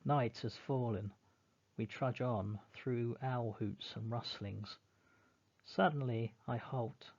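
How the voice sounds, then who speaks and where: Male audiobook narrator, slow and mournful, with vocal fry. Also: medium pitch, darkish tone, lo-fi sound. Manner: slow, measured, mournful reading. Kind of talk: first-person storybook reading.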